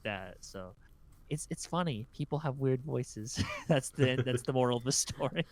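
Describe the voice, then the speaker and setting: A man's voice: medium pitch, animated, moderate pace, a little hiss or hum. A man hosting a casual podcast, telling rambling stories with plenty of fillers and swearing. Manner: rambling storyteller, lots of fillers, swearing, laughs. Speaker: podcast host. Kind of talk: casual chat.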